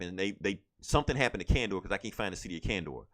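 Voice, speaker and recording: A man's voice: sits low, animated, very fast, a bit bright. A man casually recapping a comic book on a podcast, rambling with lots of fillers and quoted lines.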